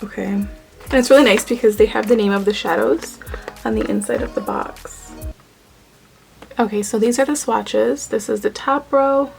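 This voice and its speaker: A woman's voice: fairly high pitch, a little fast, vocal fry, a little mellow, faint music behind, rough recording. A young woman chatting casually through a makeup tutorial, playful and talking to herself as she works. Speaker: beauty YouTuber.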